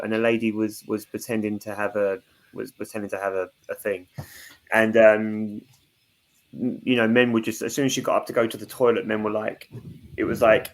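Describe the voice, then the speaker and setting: A man co-hosting a casual podcast, rambling along with lots of "like" and "you know". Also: fairly low pitch. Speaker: podcast co-host. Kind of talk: casual chat.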